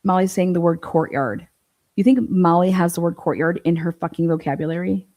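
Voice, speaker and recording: A woman's voice: on the low side, brisk, mellow. A woman giving blunt, profane, incredulous commentary on a true crime livestream.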